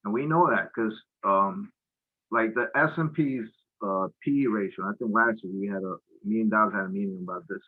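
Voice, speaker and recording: A man's voice: fairly low pitch, normal speed, breathy edge, narrow, tinny audio. A man giving a casual market recap while walking through charts, talking in a loose, rambling way with lots of fillers and slang. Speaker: futures trading presenter.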